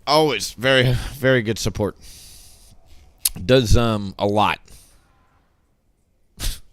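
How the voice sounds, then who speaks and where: A man's voice: lowish voice, slow pace, no echo. A young American man from Tennessee, joking and chatting with his viewers as he comments on his gameplay. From Tennessee, southeastern United States. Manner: joking, chatty, talking to chat. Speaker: streamer playing a game.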